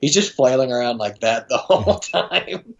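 A man's voice: mid-range voice, lively intonation, normal speed, creaky. A man chatting casually on a podcast, rambling and laughing often in a playful way. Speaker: podcast guest. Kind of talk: casual chat. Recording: dull lo-fi sound.

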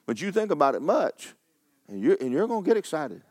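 A middle-aged man preaching a sermon in folksy storytelling, swinging from hushed tones to excited shouting. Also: a little high, a little fast, dry recording.

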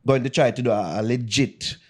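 A Jamaican man co-hosting a casual podcast, his voice at an average male pitch. He speaks in a patois-heavy, blunt and opinionated way, often running the topics. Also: fairly quick, a little mellow. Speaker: podcast co-host.

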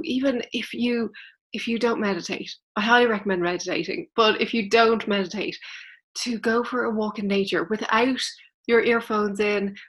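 A woman leads a spiritual guidance talk in an earnest, explanatory way. She speaks straight to her listeners as a teacher. Her voice sits at a middle pitch for a woman.

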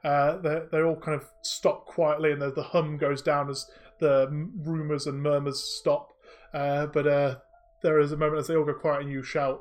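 A man's voice: on the high side, flat delivery, normal speed. A man narrating a tabletop game as game master, hesitant and full of restarts. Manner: hesitant, many fillers and restarts.

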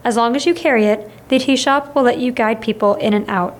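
A woman reading the lines of an injured old woman who runs a tea shop, with a raspy, strained, tight voice. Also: fairly high pitch, a little fast, natural voice. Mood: pained. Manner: tight, pained.

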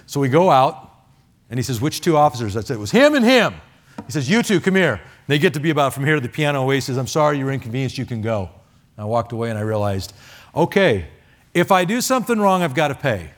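A man preaching a sermon as a missionary, telling stories in a chatty, animated way with many fillers. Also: mid-range voice. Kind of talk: sermon with storytelling. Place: church sanctuary.

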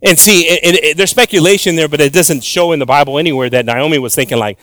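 A young man teaching from the Bible with animated emphasis, switching between English and Spanish and repeating words as he goes. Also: on the high side, quick pace, no room sound. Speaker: preacher.

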